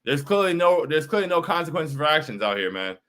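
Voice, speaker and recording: Frustrated young man with a bright voice. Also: fairly high pitch, sing-song, brisk. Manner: frustrated, repetitive, calls people bro. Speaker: postgame show host. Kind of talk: livestream postgame reaction, reading chat.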